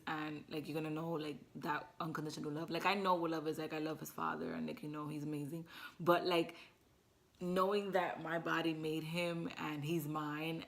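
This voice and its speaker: A woman's voice: fairly low pitch, a bit bright. A young woman vlogger telling a personal story to the camera in casual chat, emotional and teary, full of "like" fillers. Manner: emotional, talks with many "like" fillers.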